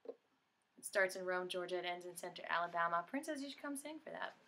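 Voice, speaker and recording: A woman hosting a playful home music chat, excitable and quick to joke and put on voices. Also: fairly low pitch. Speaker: show host.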